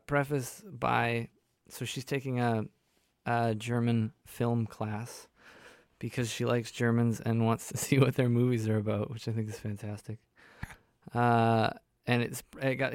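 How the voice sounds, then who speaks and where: A young man hosting a college radio show, rambling and self-deprecating, with plenty of ums and uhs. His voice is smooth and resonant. It is recorded dry and close on a studio mic. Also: medium pitch, no echo. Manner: rambling, self-deprecating, hesitant with many fillers. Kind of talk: casual radio chat. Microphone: studio microphone.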